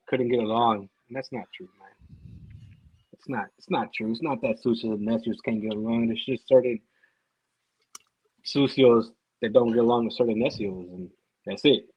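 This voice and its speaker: A man, a podcast guest, talks with a husky, mid-pitched voice. He rambles and swears and repeats himself. The sound is dry and a little dull. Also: fairly even intonation, normal speed, no echo. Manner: rambling, profane, repeats words. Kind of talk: casual podcast chat.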